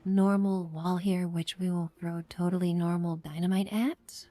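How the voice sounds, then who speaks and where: A woman's voice: lowish voice, fairly even intonation, normal speed, dark tone, slight background noise. A woman streaming a game live, giving sarcastic, playful commentary with whispered asides. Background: game music.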